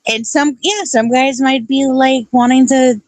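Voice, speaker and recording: Woman co-host, high lively voice, dry close sound, swears and laughs through her stories. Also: unhurried, dry recording. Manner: animated storytelling, swears a lot, laughs often. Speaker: panel co-host. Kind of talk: casual chat.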